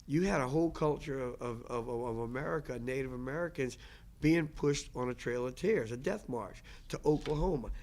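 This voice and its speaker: A man's voice: mid-range voice, normal speed, darkish tone. A man who teaches language, speaking in a casual, earnest lecture style with frequent restarts and repetition. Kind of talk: casual lecture answering questions.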